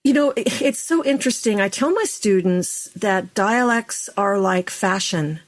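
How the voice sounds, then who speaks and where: A middle-aged woman, a speech and dialect coach, explaining in a lively, chatty way as a podcast guest. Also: mid-range voice, a little slow.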